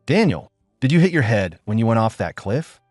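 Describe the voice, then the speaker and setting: A man's voice: fairly low pitch, big pitch swings, moderate pace, a little mellow, dry recording, studio quality, faint music behind. A man voicing a cold, scornful young wife who talks with sneering contempt. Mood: mocking.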